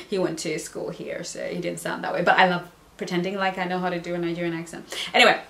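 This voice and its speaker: A woman's voice: lowish voice, expressive, quick pace, vocal fry, bright, forceful tone. A woman from Southern Africa, a dating coach, giving emphatic, playful advice and repeating phrases for effect. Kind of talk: motivational advice video. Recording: roomy echo.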